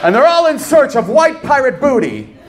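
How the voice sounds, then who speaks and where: A man doing a live stand-up comedy set on a club stage, with a playful, animated delivery and pauses for laughs. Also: very high-pitched, a crowd in the background. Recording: noisy live club recording.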